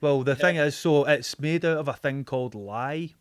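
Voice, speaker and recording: A man's voice: on the high side, moderate pace, a little hiss or hum. A man hosting a podcast, explaining things in casual chat. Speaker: podcast host.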